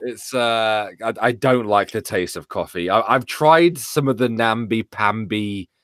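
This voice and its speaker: A man's voice: fairly low pitch, a little slow, a bit bright, dry recording, clean studio sound. A young British man chatting casually as co-host, stammering and jokey. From Britain. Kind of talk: casual chat.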